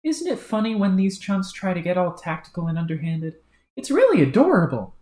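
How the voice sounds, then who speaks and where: Lady putting on a high smug troll girl, bossy and sarcastic, lively up and down, echoey. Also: fairly quick. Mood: scheming. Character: bratty scheming young female troll. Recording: roomy echo.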